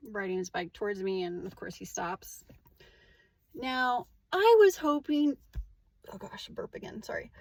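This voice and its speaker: A woman's voice: mid-range voice, dry recording. A woman vlogger talking in a casual, candid, rambling monologue, full of "like" and restarts. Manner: rambling and candid, heavy use of "like".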